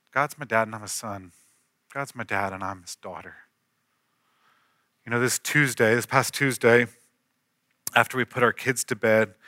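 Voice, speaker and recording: A man's voice: medium pitch, bright, forceful tone, dry recording, clean studio sound. A man in his thirties, a pastor, preaching an earnest storytelling sermon that rises to emphatic peaks.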